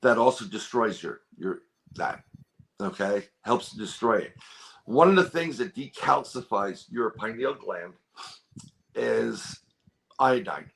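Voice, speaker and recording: A man's voice: fairly low pitch, big pitch swings, slow pace, creaky, long pauses, fairly bright tone. A man telling a long story on a podcast, rambling with many restarts and quoting other people as he goes. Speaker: podcast guest. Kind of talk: casual storytelling chat.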